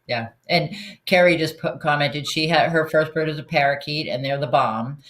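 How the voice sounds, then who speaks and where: A host in casual interview chat, relaxed and restarting questions as they go. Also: medium pitch, normal speed.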